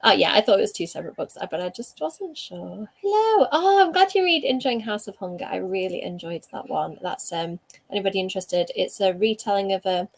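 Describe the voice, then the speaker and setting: A chatty woman hosts a casual livestream and talks books with friends. She reads out viewer comments as she goes and trails off into fillers. Her voice sits at a middle pitch. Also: big pitch swings, fairly quick, creaky, hardly any pauses. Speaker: livestream host.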